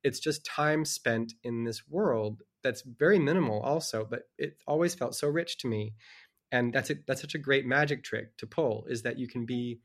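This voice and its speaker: A middle-aged man talks casually as a guest author. He is an animated storyteller who jumps into little character voices as he recounts a book. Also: medium pitch, normal speed. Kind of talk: casual conversation.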